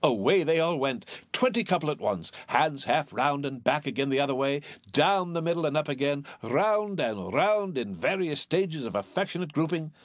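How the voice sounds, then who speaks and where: A man reading a classic novel aloud as an audiobook narrator, in an animated, theatrical way. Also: on the high side, normal speed, no room sound.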